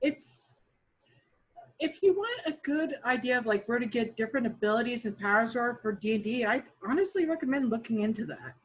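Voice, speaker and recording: A woman's voice: on the high side, expressive, brisk, low-quality recording. A woman guest on a podcast, a dungeon master speaking candidly in casual chat with dry chuckles.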